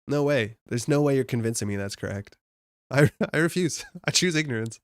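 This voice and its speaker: A man's voice: medium pitch, expressive, brisk, no room sound, clean studio sound. A young man from Alberta with a Canadian accent, chatting casually and thinking aloud while he builds a card game deck on a live stream, often laughing at himself.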